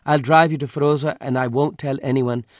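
A desperate, poor working man pleads for his livelihood in a raw, begging voice, as a male audiobook narrator reads him. The sound is dry and close, with an ordinary mid-range pitch. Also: fairly even intonation, brisk, no room sound, natural voice. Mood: pleading. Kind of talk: audiobook reading.

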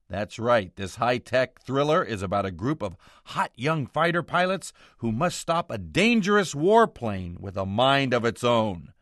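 A man's voice: medium pitch, no room sound, studio quality. A man delivering a scripted, sarcastic movie-review roundup on the radio. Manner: wry, sarcastic, expressive. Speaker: film critic roundup writer. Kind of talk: scripted comic radio commentary.

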